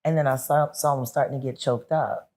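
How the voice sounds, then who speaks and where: A woman with a strikingly deep, low voice talks as a guest in a casual sit-down chat. She tells her stories with animation and slips into the voices of the people she's quoting. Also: fairly quick. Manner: animated storyteller who acts out the people she quotes. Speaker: interview guest.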